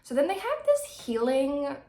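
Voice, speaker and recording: Gravelly sarcastic woman reviewing books. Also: high voice, very animated, measured pace, mellow. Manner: sarcastic, irreverent. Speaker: book reviewer. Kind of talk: casual book recap. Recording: echoey room.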